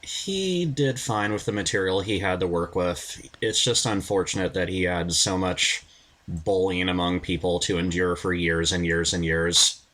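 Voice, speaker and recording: A man chatting casually in a film commentary, giving plainspoken, measured opinions. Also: low-pitched, a bit bright. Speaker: commentary co-host.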